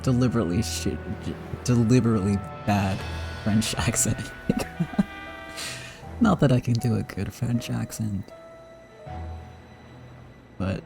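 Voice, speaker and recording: A man's voice: fairly low pitch, vocal fry. A man giving casual, amused commentary while streaming a story game. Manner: chatty, amused, with laughs. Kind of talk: casual let's-play commentary. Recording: voice over game music.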